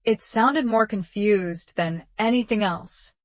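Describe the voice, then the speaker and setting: A woman narrating a first-person drama story in a calm, measured, even way. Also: mid-range voice, no room sound.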